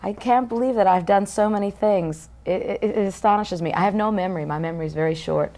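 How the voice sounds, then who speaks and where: A woman's voice: mid-range voice, fast talker, dark tone. A woman in her thirties, a guest in a casual interview, musing aloud and often breaking off to restart her sentences.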